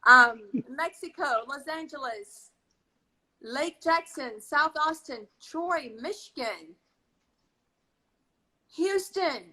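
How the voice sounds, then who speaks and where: A woman's voice: high voice, slow pace, bright, forceful tone, rough recording. A woman hosting a live video-call baking stream, chatting effusively and reading out where viewers are. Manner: effusive, reads out viewer comments. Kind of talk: casual live-stream chat.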